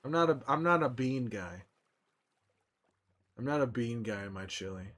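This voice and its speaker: A laid-back young man talking to his live-stream chat, greeting viewers by name and rambling about food and movies. His voice sits at a middle pitch, and his delivery is loose and conversational. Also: normal speed. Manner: relaxed, rambling, chatty, answers chat by name.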